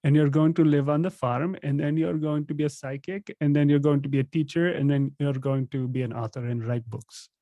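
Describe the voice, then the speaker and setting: A man's voice: a little high, steady tone, fairly quick, few pauses, mellow, no room sound, voice pushed up, natural voice. A man voicing a male palm leaf reader in a put-on Indian accent, delivering a prophecy. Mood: prophetic.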